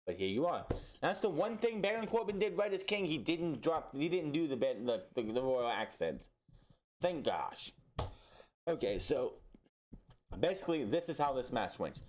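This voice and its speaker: A man's voice: a little high, big pitch swings, normal speed, darkish tone. A man reviewing a wrestling show in a casual, exasperated, sarcastic rant full of restarts.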